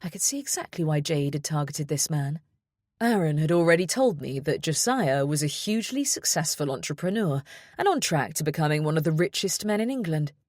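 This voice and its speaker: A woman narrating an audiobook in the first person at a measured, even pace. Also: low voice, no echo, clean studio sound.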